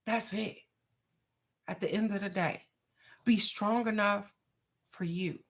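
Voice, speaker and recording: A woman's voice: mid-range voice, steady tone, takes it slowly, a bit bright. A woman hosting a casual live oracle card reading, talking straight to her viewers in an encouraging, motivational way. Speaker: oracle card reader, livestream host.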